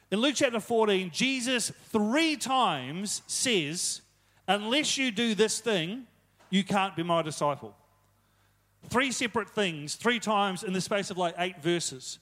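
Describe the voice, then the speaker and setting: A man's voice: sits high, fairly bright tone. A young man preaching a casual, conversational sermon, retelling stories with joking asides.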